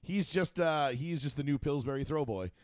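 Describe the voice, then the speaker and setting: A man hosting a casual sports talk show, rambling and profane, with fast banter. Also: fairly high pitch, noisy background. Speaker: host.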